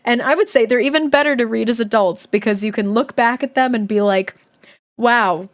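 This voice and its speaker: A young woman with a somewhat high voice reads a children's diary book aloud on a live stream. She keeps it chatty and giggly, breaking off the text to react and joke with her chat. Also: moderate pace.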